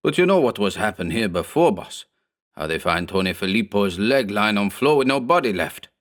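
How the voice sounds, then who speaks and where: A hulking, hog-necked thug who speaks in broken English and begs his boss to listen, skittish and superstitious, as a man puts him on. The voice sits low and is read like a pulp radio play. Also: animated, moderate pace, lightly acted. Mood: pleading.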